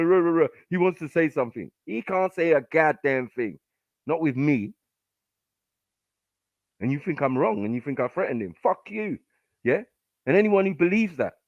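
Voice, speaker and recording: During a heated live panel argument, a podcast host with a high-pitched voice rages and swears, aggressively shouting callers down. The audio is a dull lo-fi stream with no room sound.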